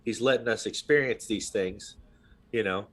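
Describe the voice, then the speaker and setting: A man in his thirties with a lowish, slightly bright voice rambles through a story on a podcast at normal speed. The conversation is casual, full of fillers, asides, and plenty of "you know what I mean."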